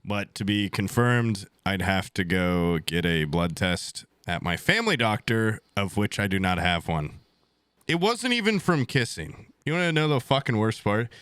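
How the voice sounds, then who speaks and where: Bright-voiced young man rambling crudely. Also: fairly low pitch, big pitch swings, moderate pace, clear, resonant tone, no echo. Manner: rambling, crude, blunt, frequent swearing. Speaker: streamer. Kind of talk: casual storytelling to chat.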